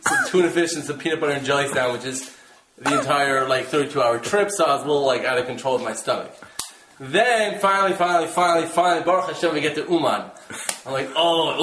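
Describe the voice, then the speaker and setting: A man casually telling the story of his trip, animated and laughing, acting out his own exclamations. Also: on the high side, roomy sound, slight background noise, poor audio. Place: rented room.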